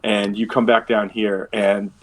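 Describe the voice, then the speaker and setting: A man's voice: on the low side, flat delivery, unhurried. A man running a tabletop game as game master, rambling with many fillers and restarts. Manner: rambling, filler-heavy, self-correcting.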